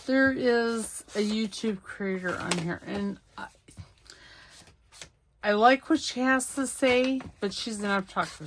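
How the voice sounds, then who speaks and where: A woman's voice: fairly high pitch, a little hiss or hum. A middle-aged woman chatting casually to herself as she works on a craft project, self-deprecating and rambling. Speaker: crafting channel host. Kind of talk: casual chat while crafting.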